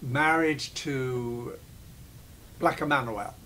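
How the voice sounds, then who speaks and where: A man's voice: medium pitch, bright, forceful tone, a little hiss or hum. An older man, an actor, recalling old shoots in a digressive interview, often breaking off and restarting his sentences. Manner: digressive storyteller, halting restarts. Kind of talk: reminiscing interview.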